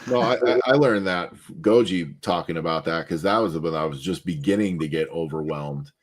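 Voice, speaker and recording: A man co-hosting a casual chat show, relaxed and thinking aloud. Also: low-pitched, normal speed. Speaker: co-host.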